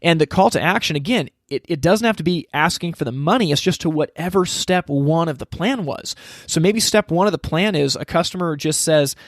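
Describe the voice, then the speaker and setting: A man teaching a step-by-step sales process in casual, energetic talk, acting out lines he would say to customers. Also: fairly high pitch, a little fast, dry recording, clean studio sound. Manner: energetic, acts out customer dialogue, frequent restarts. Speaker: sales trainer.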